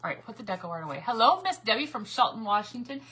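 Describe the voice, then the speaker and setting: A woman's voice: a little high, very animated, quick pace, bright, forceful tone, slight background noise. Chatty woman hosting a craft livestream. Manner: chatty, talks to viewers while painting, reads comments aloud.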